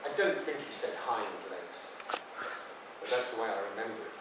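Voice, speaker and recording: A man's voice: medium pitch, a little fast. A man giving a drama masterclass, talking conversationally and telling a vivid story in a drama studio. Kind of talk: teaching and storytelling monologue. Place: drama studio with dark curtains. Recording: echoey hall, mic far off, background noise.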